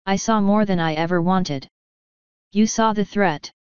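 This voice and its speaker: A woman's voice: medium pitch, unhurried, clear, resonant tone, dry recording, dull audio, close to an everyday voice. A woman reading the part of a bedraggled female unicorn who speaks bitterly and intensely. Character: bedraggled young unicorn mare, bitter and desperate.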